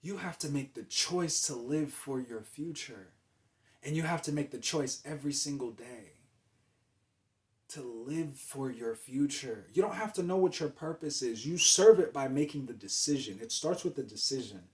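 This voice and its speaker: A man's voice: medium pitch, animated, moderate pace, a little mellow. A young adult man hosting a show, delivering an emphatic, repetitive motivational monologue. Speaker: motivational host.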